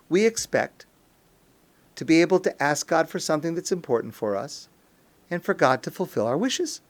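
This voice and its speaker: A man speaking as a rabbi in a recorded talk, earnest, reading Hebrew phrases slowly and translating them, rising to an intense pleading tone at times. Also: a little high. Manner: earnest, rises to an intense pleading tone when quoting prayer.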